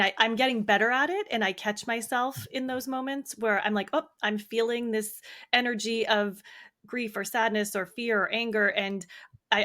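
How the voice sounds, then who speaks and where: A woman's voice: medium pitch, fairly bright tone. Reflective woman hosting a podcast. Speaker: podcast host. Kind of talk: conversational podcast chat.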